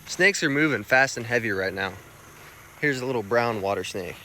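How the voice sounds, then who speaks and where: A young man vlogging on a rural road at night, chatty, excitable and self-mocking, with slang. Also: mid-range voice, normal speed, a little hiss or hum. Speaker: field herper vlogger. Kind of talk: casual vlog narration on the road.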